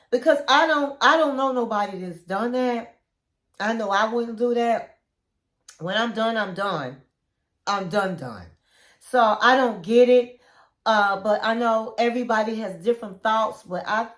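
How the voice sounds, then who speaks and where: A woman's voice: on the high side, roomy sound. A woman hosting a casual, opinionated reality TV recap, talking chattily and acting out the quotes. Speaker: YouTube recap host.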